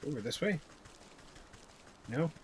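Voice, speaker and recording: A man casually narrating his gameplay as a streamer, murmuring to himself in a relaxed way. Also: on the high side, takes it slowly, a little hiss or hum. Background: game music.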